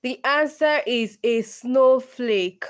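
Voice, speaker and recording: A young woman hosting a casual livestream, slowly reading riddles aloud and answering them herself. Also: on the high side, clean tone. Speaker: livestream host.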